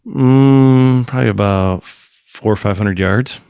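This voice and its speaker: A man's voice: mid-range voice, slow pace, creaky, smooth, no echo, muffled recording. A man in his thirties hosting a podcast, telling a story in casual chat and acting out the quotes. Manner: animated storyteller, acts out quotes, swears casually. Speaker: podcast host.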